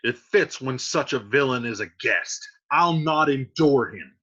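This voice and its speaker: A man's voice: mid-range voice, animated, a little slow, sharp tone, husky, highs cut off, full character voice. A man voicing a hot-tempered young nobleman itching for a fight, declaiming his lines with fierce indignation. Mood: furious.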